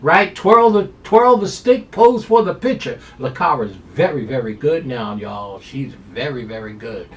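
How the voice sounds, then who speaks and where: Excitable man picking horses. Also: mid-range voice, distant mic. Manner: excitable, drawn-out emphatic lines, folksy "y'all". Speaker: horse racing handicapper. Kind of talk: race preview and picks.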